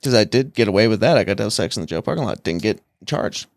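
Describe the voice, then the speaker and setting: A man's voice: fairly low pitch, animated, quick pace, creaky, no echo, studio quality. A man on a casual podcast making crude, offhand remarks.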